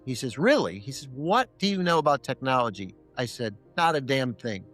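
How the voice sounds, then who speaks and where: A middle-aged man tells a personal story as a podcast guest, voicing both himself and the other speaker in a remembered exchange. His voice sits at an ordinary pitch for a man. Faint music plays underneath. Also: brisk. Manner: animated, acts out both sides of remembered dialogue.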